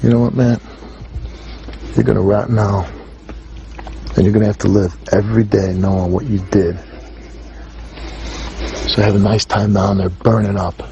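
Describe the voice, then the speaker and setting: A man's voice: lowish voice, level tone, moderate pace, gravelly, long pauses, background noise. A man hosting a talk show, confronting guests in a blunt, angry and accusing way.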